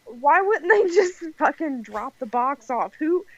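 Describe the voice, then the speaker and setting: A woman's voice: sits high, big pitch swings, a little slow, no echo. A woman co-hosting a podcast, chatting casually and laughing often. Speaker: podcast co-host. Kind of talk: casual storytelling chat. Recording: dry, dull lo-fi mic.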